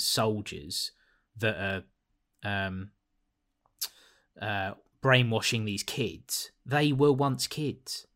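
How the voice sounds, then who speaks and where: A man's voice: lowish voice, fairly bright tone. A man with a blunt, sweary, rambling manner, chatting casually as a podcast co-host reviewing a film.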